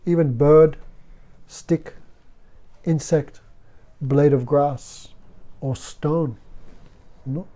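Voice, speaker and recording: A fairly high-voiced man teaching a spiritual class to students. He talks in short, simple phrases of broken English and breaks into chanted verses. His tone stays patient and explanatory. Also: measured pace, pauses often, mellow. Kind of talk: devotional class talk.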